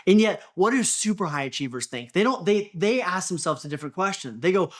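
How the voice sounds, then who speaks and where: A man's voice: sits high, lively intonation, a little fast, few pauses. A man coaching real estate agents in a motivational talk, earnest, often repeating words and asking the listener questions. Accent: Texan. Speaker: business coach.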